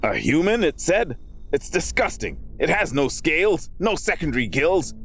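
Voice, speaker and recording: A man's voice: fairly high pitch, very animated, moderate pace, a bit bright, soft background music. A man voicing a blustering alien father. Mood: disgusted. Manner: contemptuous, blustering. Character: scornful alien father, male, adult, scaled and gilled. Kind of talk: animated audio drama.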